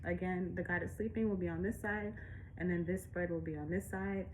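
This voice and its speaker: Breathless woman talking about her drawings, casual and laughing, slightly low voice, bit of hiss behind. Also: fairly even intonation, fairly quick, low-quality recording. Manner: chatty, laughs often, casual slang and cursing. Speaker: illustrator showing her picture book. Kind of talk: casual talk-through of her artwork.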